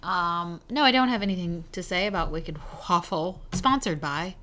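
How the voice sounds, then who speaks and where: A woman's voice: fairly low pitch, normal speed, sharp tone, a little hiss or hum. A woman casually chatting as a podcast co-host, teasing and laughing. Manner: teasing, playful, laughs often. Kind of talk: casual chat.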